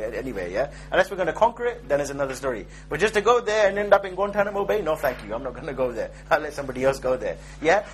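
Male preacher, high voice, chatty joking lecture style. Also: a bit bright, slight background noise. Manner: conversational, joking, keeps asking "yeah?". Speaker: Islamic preacher. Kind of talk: informal religious lecture.

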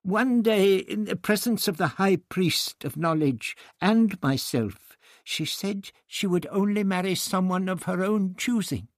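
A man's voice: high voice, lively intonation, a little slow, hardly any pauses, dry recording, studio quality, voice pushed up. A man voicing a nervous, uneasy male priest. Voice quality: nervous, hesitant.

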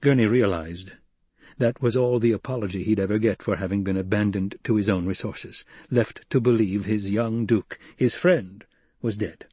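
A man narrating an audiobook in a measured, steady storytelling manner. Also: lowish voice, slightly rough, no room sound.

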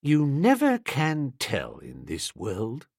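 A man narrating an audiobook in a breezy, expressive first-person storytelling manner. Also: mid-range voice, takes it slowly, no echo, clean studio sound.

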